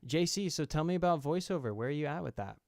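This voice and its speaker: A man's voice: a little high, lively intonation, quick pace, darkish tone, dry recording, clean studio sound. A man hosting a casual stream chat who speaks as a friendly, encouraging moderator and invites others to talk. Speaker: stream host.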